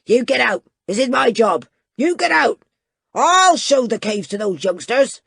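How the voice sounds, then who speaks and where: A woman reading an audiobook, voicing an angry burly man who shouts. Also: fairly high pitch, very animated, a little slow, creaky, husky, dry recording, clean studio sound, voice pushed up, heavily acted. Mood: furious. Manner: loud, shouting. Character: furious burly man, bullying cave guide.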